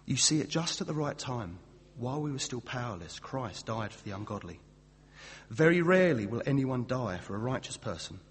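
Chatty man preaching in an echoing hall. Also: mid-range voice. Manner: chatty, self-deprecating, with fillers and restarts. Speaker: pastor. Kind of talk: sermon. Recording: distant reverberant hall with faint hum.

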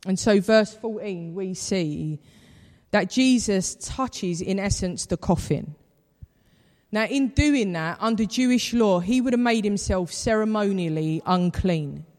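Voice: mid-range voice, animated, a little slow, darkish tone. A preacher giving a sermon in a conversational, storytelling way. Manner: conversational storytelling, acts out quoted voices. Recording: long reverb of a large hall.

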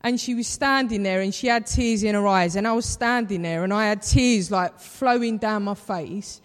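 A preacher delivers a sermon in a warm storytelling manner. The voice sits in a middle register. A long reverb from a large hall trails each phrase. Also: mid-range voice, normal speed. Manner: conversational storytelling, acts out quoted voices.

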